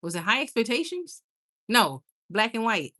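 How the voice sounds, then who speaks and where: A chatty woman hosting a late-night livestream, talking straight to viewers and reading out their comments. She laughs a lot and stumbles over her words, with an easy, tired warmth in how she rambles. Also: on the high side, normal speed. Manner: chatty and animated, laughs often, stumbles and restarts.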